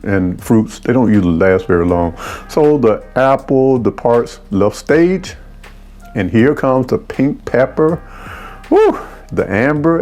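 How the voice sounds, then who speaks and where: Slow-talking effusive man reviewing fragrances. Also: mid-range voice, dark tone. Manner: effusive, savoring, exclamatory. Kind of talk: casual product review.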